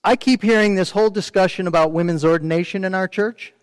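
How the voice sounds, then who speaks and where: A man's voice: sits high, fast, smooth, no room sound, long reverb tail. A man preaching a sermon in a conversational way, often asking the congregation questions and mimicking complainers. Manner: mimics complainers in quoted asides. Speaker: pastor.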